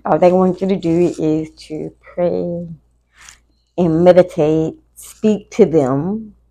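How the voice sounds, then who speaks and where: A woman speaking in a slow, unhurried way, with a gravelly edge to her voice. She talks, giving a casual live tarot reading to her viewers, and she gets emotional as she goes. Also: fairly low pitch, fairly even intonation, mellow, poor audio. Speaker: tarot reader.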